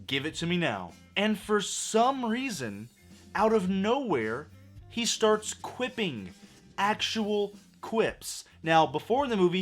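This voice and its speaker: A man giving a profane, exasperated film review rant, his voice going hoarse. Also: a little high, a bit bright. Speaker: movie reviewer.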